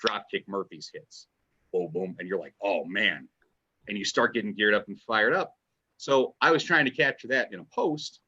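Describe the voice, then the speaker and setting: This podcast guest, a fan writer, has a lowish, slightly rough voice with a sharp tone and moderate pace. He chats with enthusiasm, rambling and restarting, and the lo-fi recording is dull.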